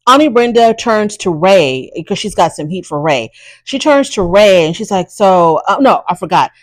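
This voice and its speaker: A woman's voice: lowish voice, dry recording, poor audio. A woman hosting a casual TV recap, chatty and opinionated with sassy asides. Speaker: reality TV recap host.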